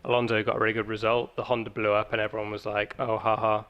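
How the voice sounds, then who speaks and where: A man's voice: on the low side, flat delivery, dull audio. A man co-hosting a casual motorsport podcast, chatting and laughing often with friends. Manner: laughs often, quick interjections. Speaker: podcast co-host. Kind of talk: casual chat.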